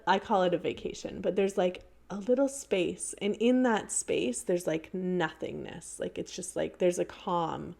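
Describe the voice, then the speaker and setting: A woman's voice: fairly low pitch, darkish tone. A woman giving a casual, earnest talk full of anecdotes, with many fillers and restarts. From Canada. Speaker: presenter on children's mindfulness.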